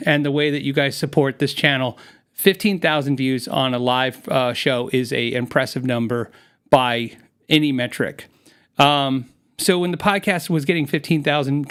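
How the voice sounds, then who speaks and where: A man hosts his own live stream, talking loosely and telling stories on the fly. His voice sits a little on the high side, close on a studio microphone. He laughs easily and wanders off on tangents. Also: a bit bright, smooth. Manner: chatty, rambling, laughs often. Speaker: podcast host. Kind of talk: casual live-stream chat. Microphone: studio mic with headphones.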